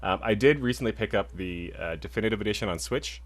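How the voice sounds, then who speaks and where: Co-hosting a video game podcast, this young man rambles in casual conversation, full of fillers and restarts. He talks fast in a lowish voice, and the recording is dry.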